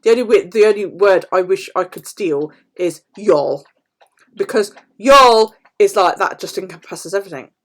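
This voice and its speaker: A woman's voice: medium pitch, lively intonation, normal speed. A British woman vlogger chatting casually to her viewers, swearing freely and laughing often. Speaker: planner vlogger. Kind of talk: casual chat to live viewers.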